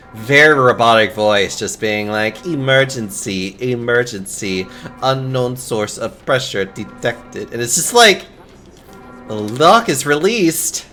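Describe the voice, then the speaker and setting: Slow-talking, lively game streamer. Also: medium pitch, faint music behind. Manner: chatty, swears freely, laughs often. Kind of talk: casual live-stream chat.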